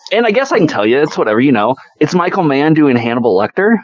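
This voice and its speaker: A man's voice: a little high, big pitch swings, fast talker, no room sound, dull audio. A man co-hosting a casual movie review podcast, sardonic and swearing often as he picks films apart. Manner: sardonic, swears often, acts out quoted lines. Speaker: podcast co-host.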